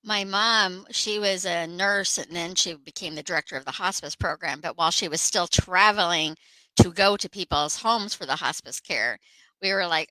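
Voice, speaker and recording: A woman's voice: lowish voice, moderate pace, pushed and bright, no room sound, poor audio. A woman hosting a casual chat, telling rambling stories with lots of fillers. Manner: rambling storyteller with many fillers. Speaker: host.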